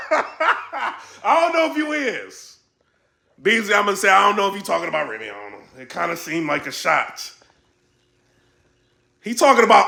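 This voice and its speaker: High, excitable man with a gravelly edge. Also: moderate pace, pauses often, roomy sound. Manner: animated, laughing, quoting others in a raised voice. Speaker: battle rap commentary vlogger. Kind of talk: excited casual commentary.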